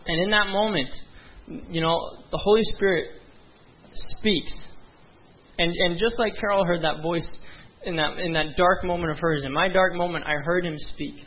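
A man's voice: high voice, fairly even intonation, normal speed. A young man preaching a sermon as a pastor, earnest and conversational, with frequent asides to the congregation. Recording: dull lo-fi sound.

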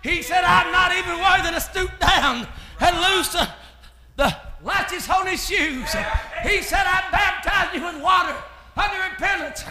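A man's voice: extremely high pitch, a little slow, music in the background. A man, preaching a sermon in a hollering, chanted style. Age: 60s. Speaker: pastor. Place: church. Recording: echoey church with congregation.

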